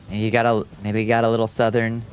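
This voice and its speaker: A man's voice: mid-range voice, a little hiss or hum. A young man streaming a video game live, chatting casually, answering chat and laughing easily. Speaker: VTuber streamer. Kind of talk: live-stream gameplay commentary.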